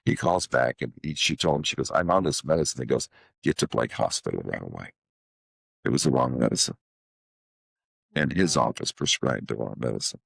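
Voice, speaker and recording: A man's voice: rumbling low, fairly quick, creaky, fairly bright tone, husky, dry recording. A man in his seventies, a guest in an interview, telling stories in a rambling, casual way with many restarts and quoted dialogue. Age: 70s. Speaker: guest, author and motivational speaker.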